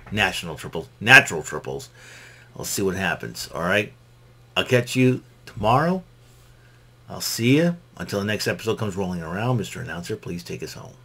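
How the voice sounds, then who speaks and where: A man's voice: low-pitched, a bit bright. A man hosting his own show who rambles through a casual spoken recap with frequent restarts. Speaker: solo show host recapping wrestling.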